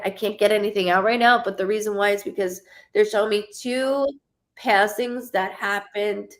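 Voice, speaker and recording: Halting, stuttering woman psychic medium in her thirties. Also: mid-range voice. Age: 30s. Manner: halting, stuttering, repeats words. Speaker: psychic medium giving readings. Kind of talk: live-streamed psychic reading.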